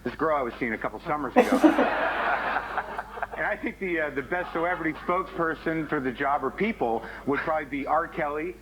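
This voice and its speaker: Wry man comic pitching mock-serious. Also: expressive, a little fast, dull audio. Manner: wry, mock-earnest, chuckles at his own jokes. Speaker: comedian panelist. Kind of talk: mock-serious comedy pitch on a panel show. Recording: TV audio with background noise.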